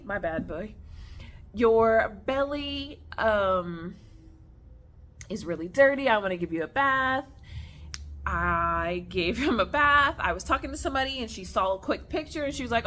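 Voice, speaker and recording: Young woman vlogger, animated storyteller, home recording with faint hiss. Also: medium pitch, measured pace. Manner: animated, chatty, addresses viewers as y'all. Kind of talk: casual storytelling vlog. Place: at home on the floor with her snake.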